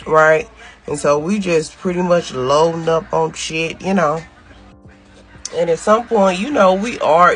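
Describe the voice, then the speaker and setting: A man telling a personal story to camera in a sassy, profane, animated way, talking straight to his viewers. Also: on the high side, breathy edge.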